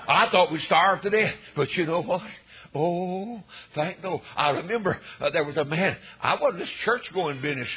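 An older man, preaching a fervent storytelling sermon that swells into emphatic shouts. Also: a little high, animated, normal speed, some chatter behind. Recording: dull lo-fi recording.

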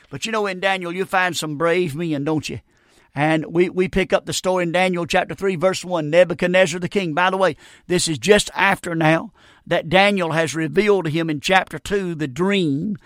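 Folksy high-pitched preacher. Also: male voice, moderate pace, dry recording, studio quality. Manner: folksy, emphatic, calls out "Amen" and "friend". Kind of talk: revival sermon.

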